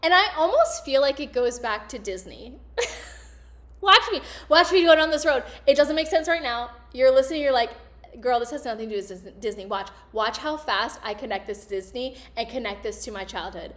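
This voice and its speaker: A woman hosting her own show, telling a story in a rambling, animated, comedic way and laughing often. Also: sits high, normal speed. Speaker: host.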